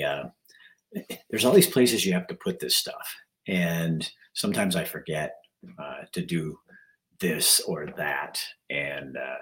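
An older man hosting a casual live stream, losing his voice, rambling in a folksy way and often clearing his throat. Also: low voice. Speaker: livestream host.

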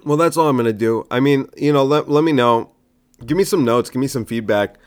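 Young comedian guy rambling solo on his podcast, roasting his own bad jokes, mid pitch. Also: brisk, clear, resonant tone. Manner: rambling, self-mocking, picks apart his own jokes. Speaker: stand-up comedian and podcast host. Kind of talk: casual solo podcast monologue.

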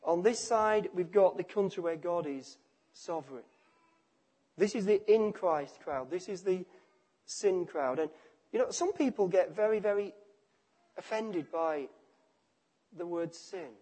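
A man preaching a sermon, emphatic and repetitive, letting his phrases fall quiet at the ends. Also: high-pitched, a little slow, pauses often, slightly rough. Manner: emphatic, repeats phrases, drops to quiet endings.

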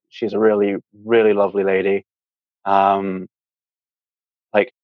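A man's voice: lowish voice, dry recording. A young man with a British accent, a guest in a casual interview, talking in a rambling way with lots of fillers. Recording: dull, dry lo-fi sound.

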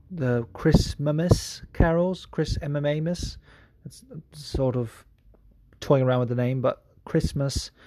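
A man's voice: medium pitch, warm tone, no echo. A man hosting a podcast in casual chat, rambling with many fillers and swearing freely. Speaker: podcast host.

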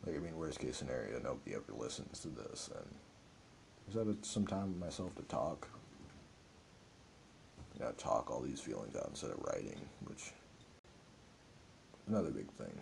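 A man's voice: very deep voice, big pitch swings, normal speed, vocal fry, pauses often, darkish tone, a little hiss or hum. A young man hosting a podcast, talking alone in an earnest, rambling, reflective way with many filler words. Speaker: podcast host. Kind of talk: reflective solo podcast monologue.

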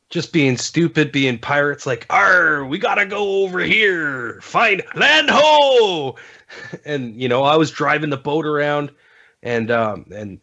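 A man rambles through gaming stories as a podcast guest, speaking loosely and casually with lots of ums and restarts. His voice has a middle pitch and is a bit bright, captured in dull, lo-fi audio.

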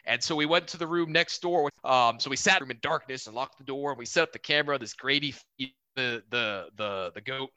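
A young man in his twenties, a podcast guest on a remote call, telling an animated story with casual swearing and acted-out quotes. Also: medium pitch, brisk, dry recording. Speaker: podcast guest, Air Force officer.

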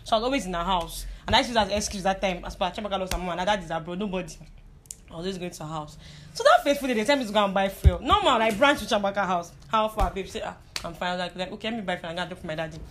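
A woman's voice: medium pitch, expressive, racing, a bit bright, slight background noise. A young Nigerian woman telling stories in a casual chat. She mixes in pidgin and laughs often. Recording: crowd chatter in the background.

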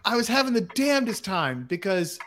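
A man's voice: high voice, sing-song, brisk, fairly bright tone. A man co-hosting a casual chat podcast, blunt and profane, who reads out listener comments and argues back. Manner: blunt and profane, swears freely. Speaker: podcast co-host.

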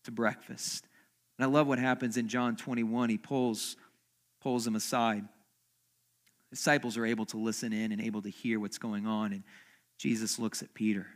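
A male pastor preaching a dramatic sermon at a church service, swinging from loud emphasis to soft, near-whispered lines. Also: lowish voice, steady tone, moderate pace, pauses often.

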